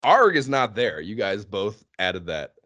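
Male podcast co-host, deep, expressive delivery, dry sound. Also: a little slow, no room sound, lo-fi sound. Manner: animated, laughing, swearing freely. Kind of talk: casual gaming chat.

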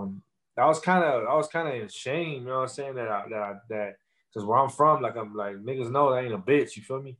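A man's voice: mid-range voice, brisk, a bit bright, rough recording. A young man, a rapper, telling his story in a casual interview in loose street slang full of fillers.

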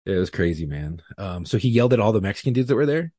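Husky low-voiced man telling a cop story. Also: fast talker, no room sound, studio quality. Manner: profane, animated, acts out quotes. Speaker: police officer telling a story. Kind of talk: casual podcast storytelling.

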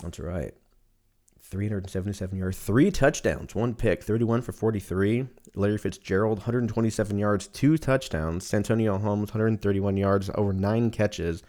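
A young man with a lowish voice rambles through a casual solo chat. He swears freely and wanders from point to point in a loose, conversational way. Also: normal speed, darkish tone.

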